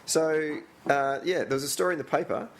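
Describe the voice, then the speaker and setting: A man's voice: on the high side, fairly even intonation, brisk. A man co-hosting a casual podcast, rambling loosely between topics with plenty of swearing. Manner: rambling, swears often, jumps into comic voices. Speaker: podcast co-host. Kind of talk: casual chat.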